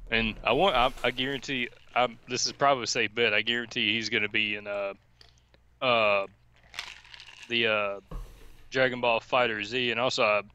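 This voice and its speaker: A man's voice: medium pitch, steady tone, normal speed, pushed and bright, slight background noise. A young man co-hosting a stream, chatting casually and hesitantly with many fillers. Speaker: stream co-host. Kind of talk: casual chat.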